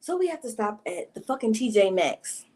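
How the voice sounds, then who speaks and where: A woman vlogger spins a casual storytime in a fairly high voice. She curses freely, piles on slangy asides and sounds thoroughly exasperated. Now and then she breaks off to greet her viewers. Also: very animated, normal speed, darkish tone.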